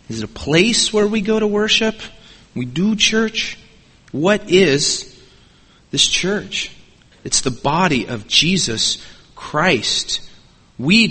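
A man's voice: on the high side, pushed and bright, breathy edge. A man preaching a sermon as pastor, emphatic and repeating key words for weight. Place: church sanctuary. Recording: long reverb in a large church hall.

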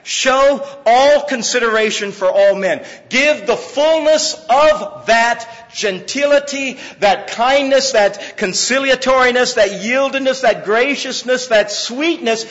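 High bright-voiced male preacher. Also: slow, hardly any pauses, long reverb tail, muffled recording. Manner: emphatic preaching, swinging between loud and hushed; conversational with frequent fillers. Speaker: pastor. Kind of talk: sermon.

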